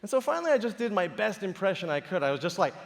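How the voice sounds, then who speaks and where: A man's voice: high voice, big pitch swings, racing, vocal fry, long reverb tail, heavy background noise. A man giving a conference talk to a live audience, telling stories animatedly with playful impressions. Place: large auditorium stage.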